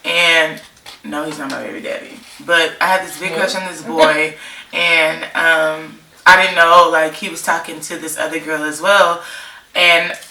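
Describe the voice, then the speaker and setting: Young woman, California, slangy rambling storyteller, bright forceful tone, echoey off-mic sound. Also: sits low, distant mic. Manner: slangy, rambling, laughs often. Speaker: vlogger. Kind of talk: casual storytime chat. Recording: roomy, off-mic, faint noise.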